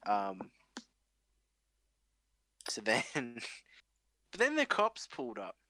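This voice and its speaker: A young man rambles through a casual podcast story, swearing freely and laughing as he goes. His voice sits at an average pitch, and the close mic sounds dry with no room around it. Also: wildly swooping pitch, takes it slowly, sharp tone, no room sound. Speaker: podcast host.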